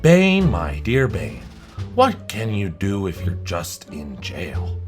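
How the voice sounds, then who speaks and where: A scheming, playful villain voiced by a man in a game roleplay. He talks in a sly, teasing way with a lively, bouncing pitch, and faint music runs underneath. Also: slow pace, exaggerated voice. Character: playful, scheming male villain Joker, fond of pranks. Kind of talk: Minecraft roleplay voice acting.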